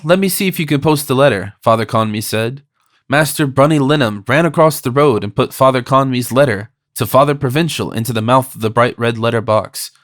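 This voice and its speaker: A man narrating a classic novel as a measured, even audiobook reading. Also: medium pitch, no echo, studio quality. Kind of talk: scripted narration.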